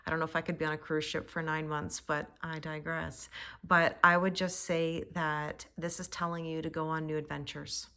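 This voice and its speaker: A woman giving a casual, reflective tarot forecast, soft-spoken and laughing often. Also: lowish voice. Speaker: tarot reader.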